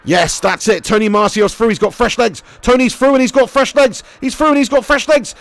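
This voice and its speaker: A young man live-streaming a football game, commentating excitably, swearing freely and chatting with viewers. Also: extremely high pitch, fairly quick, creaky.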